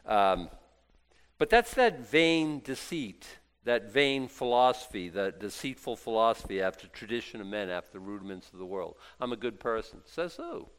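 A man preaching a sermon as a pastor, folksy and jokey, dropping to quiet asides and then rising to loud, excited exclaims. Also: moderate pace, clean tone. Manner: animated, swinging from low asides to loud exclaims; folksy, jokey Bible teaching.

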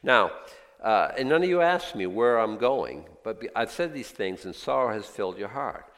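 A man preaching a sermon in a church, conversational and animated, with jokey asides. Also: lowish voice, moderate pace, big-room sound. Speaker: pastor.

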